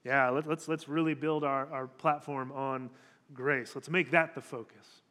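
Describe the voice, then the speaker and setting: A man's voice: mid-range voice, steady tone, measured pace, bright, forceful tone, pitched below the performer's own voice. A man mimicking scheming church marketers musing in a boardroom. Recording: long hall reverb.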